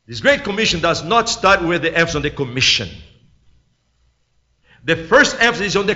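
A male guest preacher delivering a sermon in slightly broken English. He moves between loud, emphatic proclaiming and quiet asides. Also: sits high. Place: church. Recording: echoey, dull church recording.

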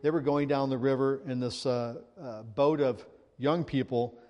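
A man preaching in a relaxed, conversational way, often checking in with the congregation and lifting his voice to stress a point. His mid-range voice carries a long reverb tail from a large hall. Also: mid-range voice, a little slow, dull audio. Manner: conversational preaching with frequent tag questions and rising emphasis. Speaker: pastor. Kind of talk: sermon.

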